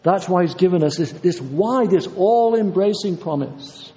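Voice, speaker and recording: An animated, slightly slow sermon comes from a Yorkshire man whose high voice is warm and mellow. He is earnest and insistent, repeating his points for force, and the sound carries a long reverb like that of a large church hall.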